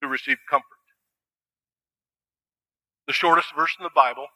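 A man's voice: medium pitch, fairly even intonation, normal speed, pauses often, bright, forceful tone, rough recording. A middle-aged man preaching a sermon, earnest and conversational with dry asides. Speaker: pastor.

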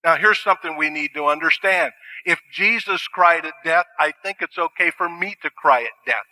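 A man's voice: fairly high pitch, moderate pace, pushed and bright, poor audio. A middle-aged man preaching a sermon, earnest and conversational with dry asides. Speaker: pastor.

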